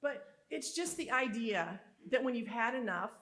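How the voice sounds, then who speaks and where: A woman giving a motivational conference speech, telling stories in an animated, emphatic and candid way. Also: fairly high pitch, normal speed. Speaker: summit speaker. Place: live conference event.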